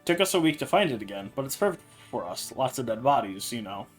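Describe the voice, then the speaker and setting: A man's voice: medium pitch, big pitch swings, quick pace, breathy edge, soft background music. A man reading the lines of a blunt, sheepish teenage boy in a storybook.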